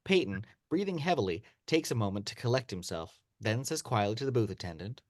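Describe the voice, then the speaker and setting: A man reading a screenplay's action lines aloud as narrator, in steady read-aloud narration. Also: fairly low pitch, brisk, no echo, studio quality. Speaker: narrator of stage directions.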